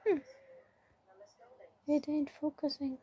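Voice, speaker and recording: A woman's voice: sits high, flat delivery, takes it slowly, dark tone, slight background noise, rough recording. A young woman chatting casually in a home vlog, rambling with lots of ums and often dropping to a whisper. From Ireland. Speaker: vlogger. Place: home bedroom, indoors.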